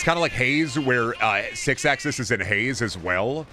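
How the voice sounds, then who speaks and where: A man's voice: mid-range voice, animated, normal speed, noisy background. A young man streaming a shooter game, giving sarcastic, profane commentary. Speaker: gaming streamer. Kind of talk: casual gameplay commentary.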